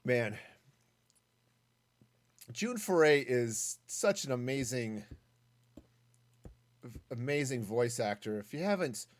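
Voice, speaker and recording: Casual game streamer, mid pitch, very animated intonation, muses aloud and answers chat. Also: slow, long pauses. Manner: chatty, thinking aloud, reading chat. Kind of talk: casual gaming stream commentary.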